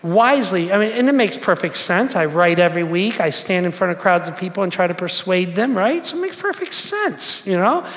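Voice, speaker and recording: Man, forties, pastor, chatty storytelling sermon, high voice, echoey hall. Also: sing-song, fairly quick, few pauses, fairly bright tone. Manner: conversational, storytelling, asks the crowd questions.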